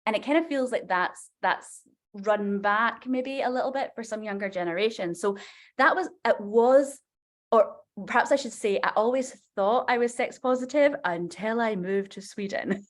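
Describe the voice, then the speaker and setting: A woman's voice: fairly high pitch, normal speed. Chatty woman novelist telling a story. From Scotland. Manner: chatty, animated, many fillers. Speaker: novelist guest. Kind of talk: casual podcast storytelling.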